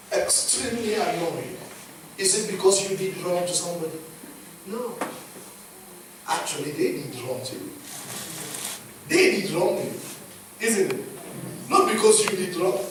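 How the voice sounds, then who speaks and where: A man with a Kenyan accent preaching a sermon as pastor, emphatic, swinging between loud and hushed. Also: high voice. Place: church hall. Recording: echoey hall, distant mic, faint noise.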